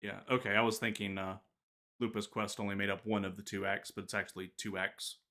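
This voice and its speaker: A man co-hosting a casual gaming podcast, talking in halting bursts full of filler pauses. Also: on the low side, level tone, sharp tone. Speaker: podcast co-host.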